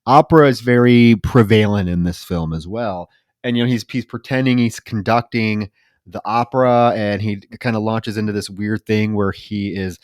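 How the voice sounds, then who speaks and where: A man talking through a film on a podcast at an ordinary pitch. He circles back and repeats words as he thinks aloud. The sound is dry and close to the mic. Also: dry recording. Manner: halting, with frequent restarts and repeated words. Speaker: podcast co-host. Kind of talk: casual film discussion.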